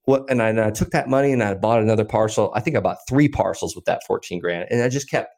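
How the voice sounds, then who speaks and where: A man in his thirties with a lowish voice recounts his story as a podcast guest. He talks quickly and loosely, full of fillers and asides. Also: creaky. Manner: animated, quick anecdotal telling with many fillers. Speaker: podcast guest, land investor. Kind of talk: casual storytelling in an interview.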